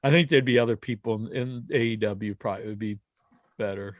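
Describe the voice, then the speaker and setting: A man hosting a casual podcast panel chat, lively and often restarting his sentences. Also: lowish voice, fairly quick, no room sound. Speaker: podcast host.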